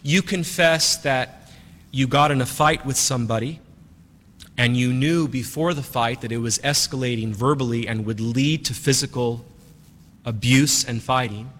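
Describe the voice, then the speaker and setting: A man's voice: mid-range voice, measured pace, a bit bright, in a large hall. A man preaching as a priest, who talks emphatically and repeats his key phrases. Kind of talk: sermon.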